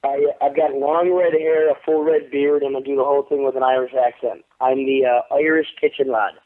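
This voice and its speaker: A man being interviewed as an actor, telling stories in a profane, animated way over the phone. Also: medium pitch, brisk. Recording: tinny phone line.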